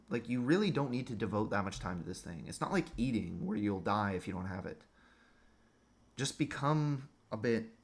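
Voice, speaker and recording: A man delivering a crude, sarcastic monologue rant as a vlogger. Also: fairly low pitch.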